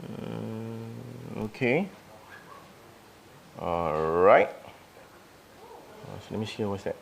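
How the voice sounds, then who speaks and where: A man's voice: fairly low pitch, sing-song, very slow, vocal fry, slight background noise. A man running a live audio product demo. He thinks aloud, restarting his sentences as he works.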